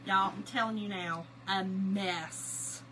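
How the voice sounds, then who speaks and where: A middle-aged woman, chatting and telling animated family stories to viewers while she crafts on a livestream. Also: medium pitch, slow pace, a little hiss or hum, rough recording. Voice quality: lively, animated storyteller, greets chat viewers by name.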